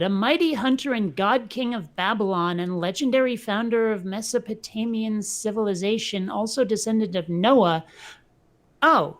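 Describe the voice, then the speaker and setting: A woman hosting a casual chat show, talking loosely and laughing at herself while reading aloud. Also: a little high. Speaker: show host.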